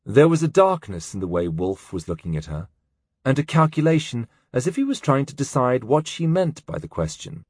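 A man narrating a novel as an audiobook, in an expressive, measured storytelling manner. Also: mid-range voice, husky, dry recording, clean studio sound. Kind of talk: scripted narration.

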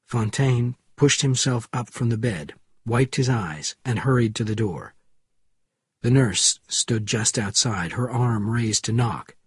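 A man with a husky, mid-pitched voice narrates an audiobook in a steady, measured way. The sound is close and dry, with no room around it. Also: dry recording.

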